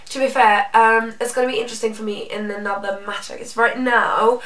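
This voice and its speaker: A young Norwegian woman with a Norwegian accent, reading fan questions in an excitable, chatty way. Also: on the high side, a little fast, recorded from a distance. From Norway. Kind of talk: casual Q&A chat. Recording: echoey room, off-mic.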